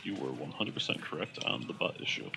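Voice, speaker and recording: A young man co-hosting a let's play, giving casual, jokey gameplay commentary, quick-talking and laughing easily. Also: extremely low pitch, lively intonation, vocal fry, bright, forceful tone.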